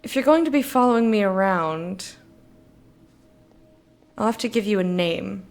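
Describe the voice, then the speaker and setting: A woman's voice: medium pitch, expressive, measured pace. A woman voicing a brusque young female archaeologist in a game, attempting a put-on accent. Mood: curt.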